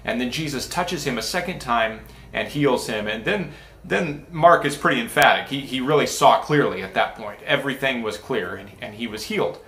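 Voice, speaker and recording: Male pastor, relaxed chatty preaching, restarts often, roomy church sound. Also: mid-range voice, moderate pace. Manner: casual and talky, with many restarts and asides. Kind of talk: conversational sermon. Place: church sanctuary. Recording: echoey church room.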